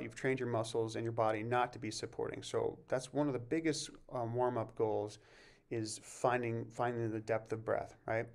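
A man teaching a vocal masterclass, explaining warm-ups and breathing in a relaxed way and breaking off to sing short examples. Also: medium pitch, normal speed. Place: music camp masterclass recording.

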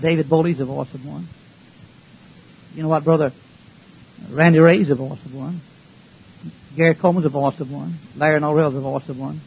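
A gravelly, fairly high-pitched male voice belongs to a pastor preaching a folksy, emphatic sermon that throws rhetorical questions at the congregation. The recording is dull and lo-fi, with faint hiss.

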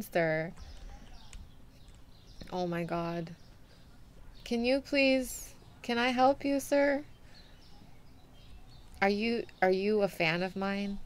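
Young adult woman, virtual streamer, live gameplay commentary, chatty and giggly, slow easy delivery. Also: mid-range voice, fairly bright tone. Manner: chatty, talks to game characters, laughs often. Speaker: VTuber streamer.

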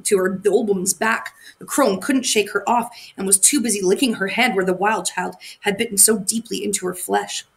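Expressive woman reading a fairy tale. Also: medium pitch, gravelly. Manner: expressive, occasional slips and corrections. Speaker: audiobook narrator. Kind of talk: storybook reading.

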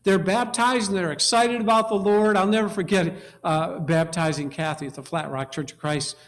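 Emphatic high-voiced male preacher. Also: fairly even intonation, moderate pace. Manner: emphatic, repeats key words, swings from low and quiet to loud. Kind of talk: sermon.

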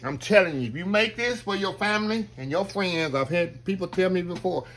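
With a high, fairly quick and fairly bright voice, a man hosts a relaxed cooking demonstration. This cooking show host is folksy, addresses his viewers directly and says "y'all" constantly.

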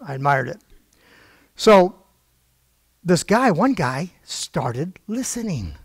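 A man's voice: high voice, sing-song, slow pace, breathy edge, dry recording, clean studio sound. An older man preaching in a storytelling style, acting out quoted voices with wry asides.

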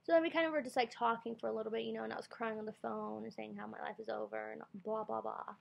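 A woman's voice: a little high, steady tone, quick pace, gravelly. A young woman chatting casually at home, recording on her computer's built-in mic. She tells a personal story in a rambling way, full of "like" and restarts. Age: young adult. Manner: rambling, heavy use of "like", restarts. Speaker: vlogger telling her story.

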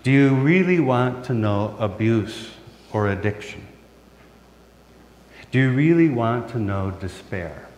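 A middle-aged pastor preaches at an unhurried, deliberate pace, often posing a question to his listeners before he answers it. His medium-pitched voice rings out through a large church, with a long reverb trailing each phrase. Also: lively intonation, darkish tone. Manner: asks the congregation questions and answers them. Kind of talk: sermon. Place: church sanctuary.

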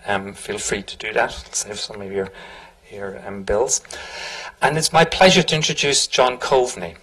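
A man's voice: on the low side, moderate pace, bright, forceful tone, husky, low-quality recording. A man hosting a public talk, giving housekeeping notes and an informal, chatty introduction. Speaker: event host. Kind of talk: event introduction.

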